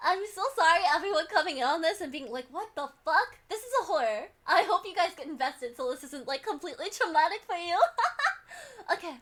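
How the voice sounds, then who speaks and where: A woman's voice: very high-pitched, expressive, brisk, fairly bright tone. A woman streamer chatting casually with viewers, giggly and apologetic, swearing now and then. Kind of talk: casual live-stream chat.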